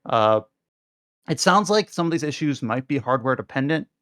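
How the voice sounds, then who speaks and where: A man's voice: mid-range voice, lively intonation, normal speed, fairly bright tone, no room sound, studio quality. A man co-hosting a podcast, giving a casual, rambling review with lots of fillers and restarts. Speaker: podcast co-host reviewing games.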